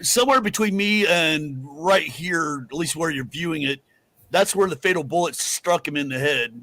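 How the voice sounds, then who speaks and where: A man's voice: a little high, moderate pace, sharp tone. A man hosting a podcast in casual, rambling chat, swearing freely. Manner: rambling, profane, loose. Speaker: podcast host.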